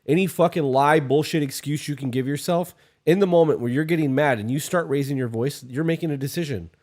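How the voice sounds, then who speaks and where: A man's voice: fairly high pitch, fairly quick, a little mellow. A man co-hosting a podcast, giving blunt, emphatic relationship advice and swearing freely. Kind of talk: casual advice chat.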